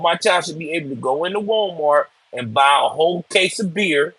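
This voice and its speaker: A man's voice: fairly high pitch, animated, fairly quick, few pauses, bright, forceful tone, husky, dry recording, poor audio. A man hosting live political commentary, ranting in a blunt, profane, emphatic way.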